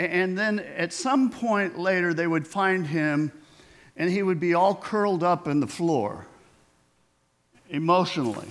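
A middle-aged male pastor delivers a sermon in a voice that sits slightly high for a man. He talks to the congregation like friends, asking them questions and acting out little quoted voices as he goes. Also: a bit bright. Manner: conversational preaching with rhetorical questions and quoted voices.

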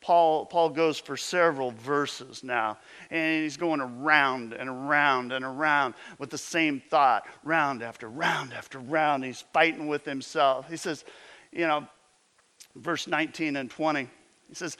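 A man's voice: fairly high pitch, measured pace, pushed and bright, smooth. A man preaching a sermon as a pastor, telling stories and asking emphatic rhetorical questions.

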